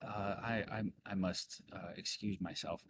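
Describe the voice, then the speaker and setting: A man's voice: deep voice, steady tone, unhurried, noisy background. A man playing an older noble lady in a fantasy game, gushing, stammering, nostalgic. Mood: fond. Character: emotional tipsy older noblewoman.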